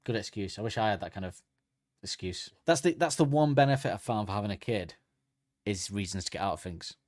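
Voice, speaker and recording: A man's voice: on the low side, animated, a little fast, a little mellow, no echo, clean studio sound. A man, co-hosting a comedy podcast in casual chat and slipping into silly voices. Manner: joking, slips into silly put-on voices. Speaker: podcast co-host.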